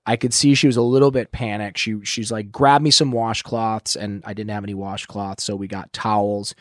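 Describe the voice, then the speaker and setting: A man with a lowish voice tells a rambling, profane story from his past, swearing freely. He livens up whenever he quotes someone else. The sound is dry and close, with no room around him. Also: fairly quick, dry recording. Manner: rambling, profane, animated when quoting others. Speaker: guest in recovery. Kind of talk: candid storytelling interview.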